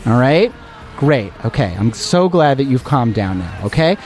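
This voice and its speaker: Lively, animated male radio host. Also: medium pitch, normal speed, soft background music. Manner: playful, self-mocking, stumbling restarts. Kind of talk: jokey radio banter. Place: radio studio.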